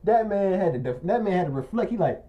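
A man's voice: high-pitched, animated, quick pace. A young man telling a long, rambling story in casual chat, often breaking into laughter. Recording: muffled lo-fi recording.

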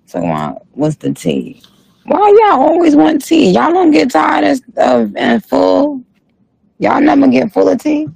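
A man's voice: fairly high pitch, slow pace, creaky, a little mellow, no room sound, poor audio. A man doing a comic impression of a sassy, tired female rap star who reads live chat comments on a late-night stream, with a drawling, profane manner.

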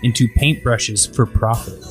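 A man's voice: mid-range voice, steady tone, measured pace, soft background music. A man co-hosting a casual movie podcast, with dry, wry humor. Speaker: podcast co-host.

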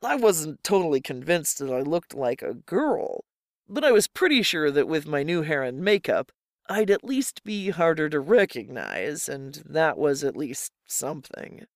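A narrator reading a first-person story in a steady, measured way. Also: medium pitch, no room sound, clean studio sound. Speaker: audiobook narrator.

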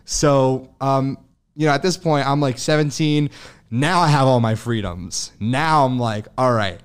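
A man's voice: mid-range voice, a little slow, clean tone. A young man as an interview guest, telling his story loosely and profanely with many fillers and frequent chuckles.

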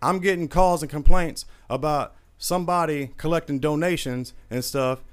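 Guy doing a high squeaky pushy boss voice, cussing, blunt. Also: moderate pace, soft background music, close to an everyday voice. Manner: high-pitched, brash, profane.

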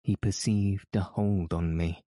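A man narrates an audiobook from a script, his storytelling measured and even. His voice is deep and the recording is dry.

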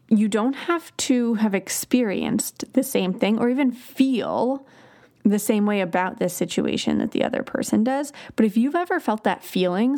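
A woman's voice: mid-range voice, mellow. A woman hosting a podcast, explaining child development in a conversational way with example phrases to children. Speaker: podcast host.

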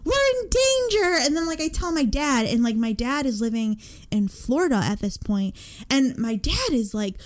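A young woman in her twenties co-hosting a podcast, telling a story in a casual, animated way, with lots of swearing and "like" fillers. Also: a little high, moderate pace. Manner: animated, profane, many "like" fillers. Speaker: podcast co-host.

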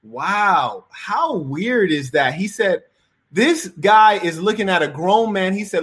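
A man's voice: high voice, lively intonation, takes it slowly, a bit bright. A man giving reaction commentary in a preachy, moralizing way.

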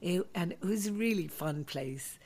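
A woman with an Irish accent and a low voice tells stories from her childhood. She speaks casually and with animation, breaking into laughter and quick asides. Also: lively intonation, darkish tone. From Ireland. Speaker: podcast host. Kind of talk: casual storytelling.

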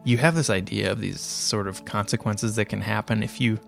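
A man telling a personal story in a halting, reflective way, with frequent restarts and fillers. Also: on the low side, steady tone, creaky, soft background music. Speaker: interviewee telling his story.

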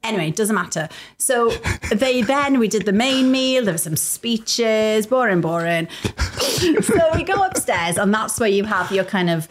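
A woman's voice: on the high side, lively intonation, a little slow. A middle-aged woman with a Welsh accent, chatting as a podcast guest and telling stories with frequent laughter. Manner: chatty, storytelling, laughs often. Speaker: guest, TV presenter. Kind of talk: casual chat.

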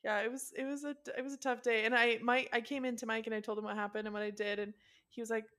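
Woman co-host, 30s, slightly high, animated storyteller who acts out quotes. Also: fast talker. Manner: animated storyteller, acting out quotes with big pitch jumps. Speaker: podcast co-host. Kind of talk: casual chat.

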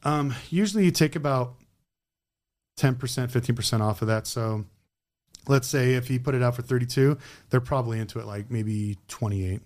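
A man's voice: mid-range voice, moderate pace. A man, a former car dealer, talking bluntly in an interview and acting out his customer exchanges. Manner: blunt, animated storytelling with acted customer exchanges. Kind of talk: interview conversation. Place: Las Vegas.

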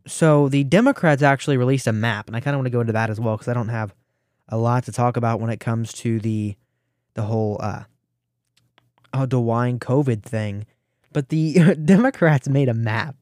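Brash teenage radio host, dry booth. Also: male voice, mid-range voice, a little mellow, no echo. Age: teens. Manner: brash, mocking, quick asides. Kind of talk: casual political talk radio.

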